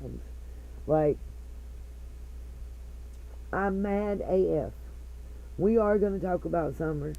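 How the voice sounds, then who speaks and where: A woman's voice: on the low side, slow, vocal fry, pauses often, narrow, tinny audio. A woman hosting her own live stream, ranting angrily and with lots of swearing as she talks straight to her chat. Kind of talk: angry live-stream rant. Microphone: headset mic.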